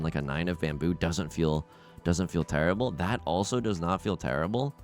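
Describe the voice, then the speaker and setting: Young male gaming host, lively swinging pitch, stammers and restarts, faint music under voice. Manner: animated, self-mocking, frequent stammered restarts. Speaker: gaming YouTuber. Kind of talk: live gameplay commentary.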